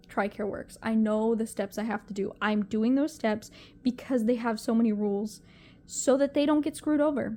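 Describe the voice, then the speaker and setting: A woman's voice: a little high, a little mellow. A young woman talking to camera in a personal vlog, emotional and rambling, often repeating herself. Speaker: vlogger.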